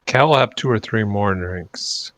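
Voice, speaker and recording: A man at a tabletop game, low-pitched but bright and forceful in tone. He makes wry, quick remarks in a dry, close sound. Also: dry recording. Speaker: player. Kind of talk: casual tabletop play.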